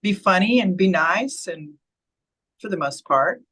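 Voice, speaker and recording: A man from Texas, a musician guest in a podcast interview, speaks slowly and unhurriedly. His voice sits a bit high with a bright, forward edge. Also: lively intonation, breathy edge, rough recording. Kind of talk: casual interview chat.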